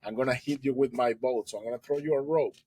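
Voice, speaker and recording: Man putting on a fisherman voice, fatherly, urgent, slightly husky, pitched up. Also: steady tone, fast talker, warm tone, no echo, lightly acted. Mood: calm. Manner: urgent commands, calls listener son.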